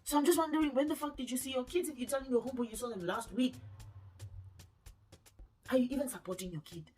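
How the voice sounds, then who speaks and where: A woman telling a personal story in a blunt, animated, profane way for her vlog. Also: high voice, quick pace, distant mic, faint music behind.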